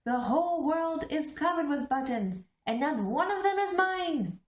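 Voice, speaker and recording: A woman's voice: medium pitch, lively intonation, measured pace, gravelly, reverberant. A woman voicing a fussy, grumpy male toad who frets and whines, in a storybook reading. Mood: wailing. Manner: whiny, frets loudly.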